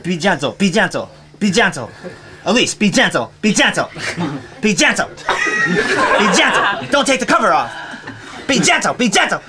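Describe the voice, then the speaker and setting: A man voicing a fussing mother who nags her small child and ends up shouting. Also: sits high, sing-song, normal speed, pitched above the performer's own voice. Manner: nagging, rising to shouting. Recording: loud background noise.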